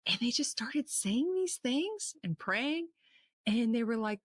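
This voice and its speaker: A woman telling a personal testimony in a lively storytelling way, acting out what people said with sudden jumps up in pitch. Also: slow, dry recording, studio quality. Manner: animated, acts out quotes with sudden high pitch jumps. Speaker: testimony speaker.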